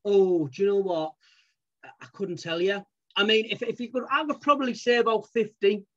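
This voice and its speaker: A man's voice: high voice, fairly even intonation, brisk, dull audio. A man, a comedian, chatting casually in an interview, rambling with lots of fillers. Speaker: comedian and impressionist.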